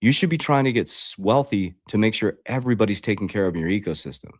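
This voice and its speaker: On a livestream, a man acting as a life coach gives a blunt, confrontational motivational talk, swearing freely and calling his viewers "guys." His lowish voice is lively and fast. The recording is dry and studio quality.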